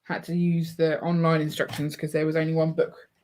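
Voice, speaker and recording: A woman's voice: low-pitched, little pitch movement, fairly quick, darkish tone. A woman chatting casually and teasing while she builds, laughing often. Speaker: co-host of a live building stream. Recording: faint background noise and clicks.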